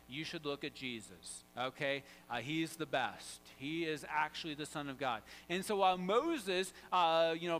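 A pastor preaching a sermon, animated, swinging from loud to hushed and quizzing the congregation. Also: male voice, high voice, low-quality recording.

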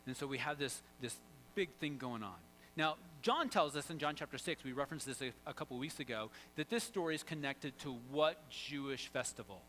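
A pastor preaching a sermon, animated, swinging from loud to hushed and quizzing the congregation. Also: male voice, mid-range voice, a little fast, slight background noise, low-quality recording.

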